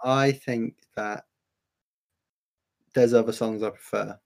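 A man in casual chat about music, hesitant and halting, often trailing off. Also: mid-range voice, steady tone, gravelly, a little mellow.

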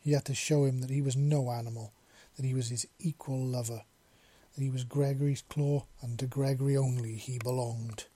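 A man narrating a story in a steady, even reading. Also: medium pitch, moderate pace, breathy edge.

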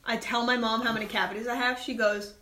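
A young woman in casual chat, telling animated stories and acting out what people said, swearing freely. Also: fairly high pitch, quick pace. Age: young adult. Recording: echoey room with faint noise.

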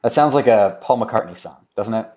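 A man co-hosting a casual podcast, joking around while he reads reviews and runs through shout-outs and giveaways. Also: lowish voice, animated, fairly quick. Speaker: podcast co-host. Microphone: remote recording.

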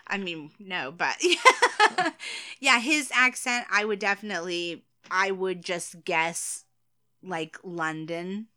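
A woman co-hosting and answering viewer questions in casual chat, laughing often and pausing on ums. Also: mid-range voice, expressive, sharp tone. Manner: laughs often, hesitant with ums, self-deprecating.

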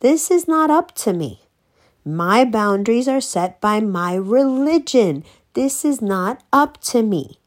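A woman ranting bluntly in a casual monologue, profane and emphatic, swinging between slow stressed words and fast bursts. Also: medium pitch. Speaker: vlogger.

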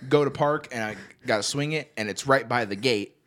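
A man's voice: mid-range voice, a little fast, a bit bright. A young man co-hosting a podcast in casual chat, telling stories with lots of swearing and acting out his own angry outbursts. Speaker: podcast co-host.

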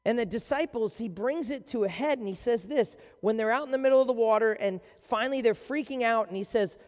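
A pastor preaching a sermon with animated, emphatic storytelling. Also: mid-range voice, a little fast. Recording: long hall reverb.

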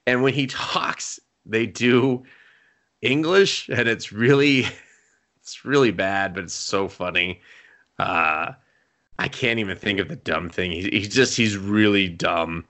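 A man's voice: lowish voice, slow pace, a bit bright. A young man on a podcast, recapping an anime in casual, profane chat and acting out the characters' lines. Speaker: podcast co-host.

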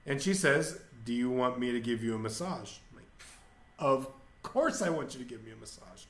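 A man's voice: medium pitch, lively intonation, normal speed, fairly bright tone. A young man hosting a podcast, telling a candid, rambling anecdote with crude humor and acted-out quotes. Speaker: podcast host. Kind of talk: casual storytelling monologue. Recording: echoey room.

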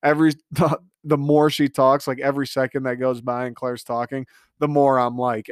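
A man's voice: mid-range voice, flat delivery, normal speed, clean tone, no echo. Ranting young man, dry recording. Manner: sarcastic, ranting, frequent swearing and filler "like". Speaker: podcast host. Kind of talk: casual solo reality TV recap.

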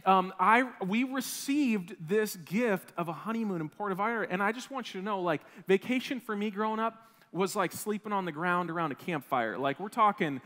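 A man in his thirties from Wisconsin, preaching a sermon as a pastor, telling a personal story in an animated, self-deprecating way with frequent restarts. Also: high voice, normal speed, hardly any pauses. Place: church sanctuary. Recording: long reverb of a church hall.

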